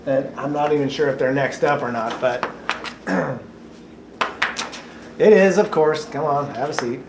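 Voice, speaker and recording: Speaking a little slowly at medium pitch, a man coaches job seekers in a mock interview, joking around in a casual, upbeat way and explaining things patiently. Background noise fills the echoey coffee shop where they sit.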